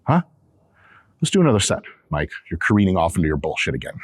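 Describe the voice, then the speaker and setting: A man's voice: low-pitched, big pitch swings, fast talker, breathy edge, dry recording. A man hosting a fitness vlog, chatting casually between sets in a gym, profane, joking and rambling. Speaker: fitness channel host.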